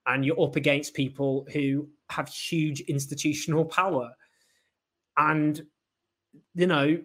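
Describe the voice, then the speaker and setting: A man's voice: fairly high pitch, a bit bright. A British man hosting a live political show alone, speaking passionately with frequent restarts and fillers. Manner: impassioned, halting with restarts. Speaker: show host. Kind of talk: solo live political commentary.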